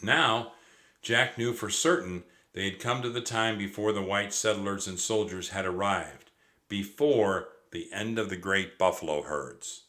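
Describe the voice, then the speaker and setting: Man, storybook narrator, low voice, forceful tone, expressive read-aloud. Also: a little slow. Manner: expressive reading with occasional stumbles.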